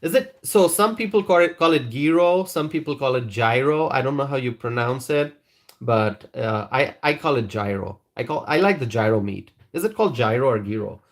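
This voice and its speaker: Brisk and lively in a mid-range voice, a man hosts a live stream, chatting casually with viewers and reading their comments. He rambles hesitantly, restarting often.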